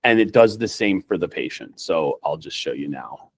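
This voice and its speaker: A man's voice: a bass voice, lively intonation, moderate pace, a little hiss or hum. A man who works as a nurse practitioner, giving a casual, rambling training demo over a video call, full of fillers and restarts. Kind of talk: casual screen-share training talk.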